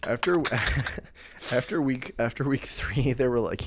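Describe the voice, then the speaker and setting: A man's voice: mid-range voice, very animated, moderate pace, a little hiss or hum. A young man co-hosting a podcast in casual chat, rambling with many restarts and fillers. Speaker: podcast co-host.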